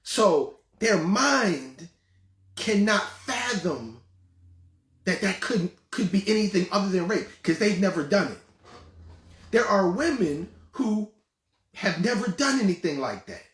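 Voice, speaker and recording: Animated man telling stories, lively pitch. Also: slow pace, roomy sound. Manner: animated, conversational storytelling with many repeats and fillers. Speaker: show host. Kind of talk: casual commentary monologue.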